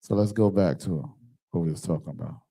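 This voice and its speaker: This man's low voice is gravelly and dark, and he talks a little fast. Teaching a scripture class online with screen sharing over a computer mic, he's emphatic and keeps checking that his students follow along.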